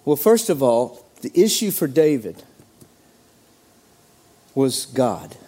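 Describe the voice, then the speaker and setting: A man preaching a sermon as pastor, animated, acting out quoted voices with sudden jumps in pitch. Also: slow pace.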